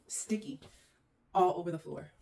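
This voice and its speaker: Low-voiced woman ranting in exasperation. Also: moderate pace, warm tone. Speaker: host. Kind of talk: walkthrough vlog. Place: indoors in a condo. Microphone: handheld phone.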